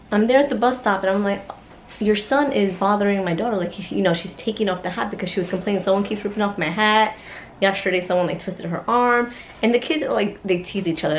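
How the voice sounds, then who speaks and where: A young adult woman and family vlogger telling a story in a chatty, animated way, full of fillers. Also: mid-range voice, brisk, a little hiss or hum. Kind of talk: casual vlog chat.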